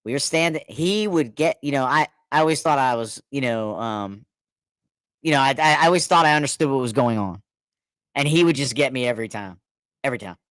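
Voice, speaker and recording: A man spins sea stories in a loose, relaxed chat. He jumps into the voices of the people in his stories and keeps breaking into laughter. The sound is close and dry. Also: mid-range voice, brisk, dry recording, poor audio. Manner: animated storyteller, acts out quotes, laughs often. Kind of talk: casual storytelling chat.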